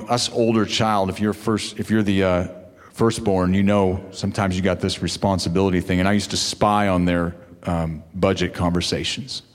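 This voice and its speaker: Preaching man in a reverberant hall. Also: fairly low pitch. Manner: preaching with call-and-response asides. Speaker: pastor. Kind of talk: sermon.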